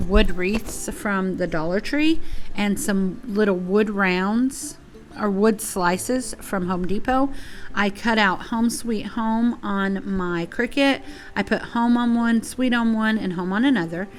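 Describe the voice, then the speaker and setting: A woman hosting a casual craft tutorial, chatty and apologetic and a little out of breath. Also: mid-range voice. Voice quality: chatty, apologetic, uses y'all. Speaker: DIY crafts channel host. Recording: soft music behind.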